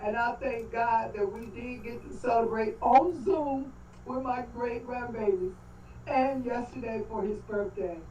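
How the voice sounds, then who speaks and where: An older woman speaking on a video call about her family, halting and faith-filled, often breaking off mid-phrase. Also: fairly high pitch, warm tone. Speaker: grieving great-grandmother speaking at a livestream. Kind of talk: emotional testimony on a video call. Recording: echoey, distant, dull call audio with faint noise.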